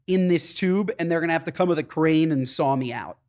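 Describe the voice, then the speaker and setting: A man co-hosting a podcast in casual chat, telling stories in an animated, exasperated way. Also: fairly high pitch, a little fast. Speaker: podcast co-host.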